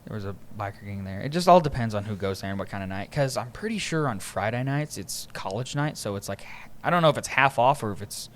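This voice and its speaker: A man's voice: fairly low pitch, animated, fast. A young man hosting a podcast, rambling through casual stories and laughing often. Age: young adult. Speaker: podcast host. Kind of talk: casual chat.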